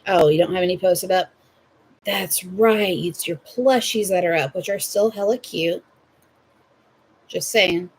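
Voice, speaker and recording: A woman's voice: lowish voice, measured pace, pauses often, breathy edge. A young Southern woman hosting a livestream, chatting playfully with viewers while she crochets at home. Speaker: livestream host. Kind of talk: casual chat while crocheting.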